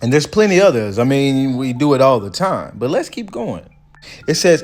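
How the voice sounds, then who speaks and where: A man hosting a commentary video, reading quoted passages slowly and then breaking into loose, casual remarks. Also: medium pitch, big pitch swings. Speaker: video host.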